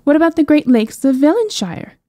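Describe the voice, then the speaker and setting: A woman's voice: high-pitched, sing-song, a little fast, dark tone, dry recording, studio quality, pitched above the performer's own voice. A woman voicing a young noble princess in an audiobook, speaking in eager, formal old-style questions. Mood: puzzled. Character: young noble princess, chatty and impatient, locked in a cage. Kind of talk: audiobook character voice.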